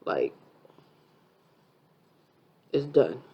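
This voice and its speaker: A woman's voice: very deep voice, very animated, drawn-out words, slightly rough, dull audio. A woman vlogger giving a chatty, sassy review of a reality TV episode, full of asides.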